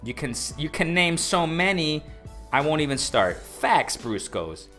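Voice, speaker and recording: A man hosting a casual boxing livestream, reading chat aloud and repeating himself with excitement. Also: a little high, unhurried, faint music behind. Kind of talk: casual live-stream commentary.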